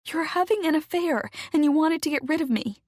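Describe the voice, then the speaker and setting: A woman performs an agitated young wife who makes accusations in an emphatic, hissing way, pitching herself above her natural voice. The sound is high-pitched and expressive at a moderate pace, with a clean studio recording and no room sound.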